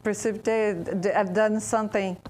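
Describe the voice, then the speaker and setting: A woman with a Brazilian Portuguese accent giving an interactive spiritual talk to an audience. She pauses and restarts often while searching for words. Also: mid-range voice, steady tone, darkish tone. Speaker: speaker at a spiritist center.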